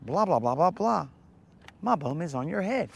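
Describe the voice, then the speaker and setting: A man's voice: fairly high pitch, big pitch swings, normal speed, vocal fry, breathy edge, voice pushed up, exaggerated voice. Brief: a man doing a goofy, taunting prankster chant, sing-song and teasing.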